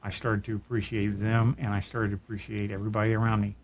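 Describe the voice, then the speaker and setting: A man's voice: lowish voice, little pitch movement, fast. A middle-aged man co-hosting a podcast, telling a personal story in an earnest, reflective way, often restarting his sentences. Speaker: podcast co-host. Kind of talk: personal storytelling in casual chat.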